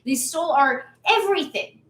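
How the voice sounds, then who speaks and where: A woman's voice: high voice, animated, normal speed, fairly bright tone, reverberant. A woman from Ukraine delivering a blunt, angry, sarcastic opinion rant to her followers. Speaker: vlogger.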